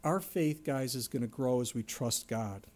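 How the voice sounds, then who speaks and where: A middle-aged pastor preaches a sermon at normal speed, animated throughout. He acts out quoted voices with sudden leaps in pitch and volume.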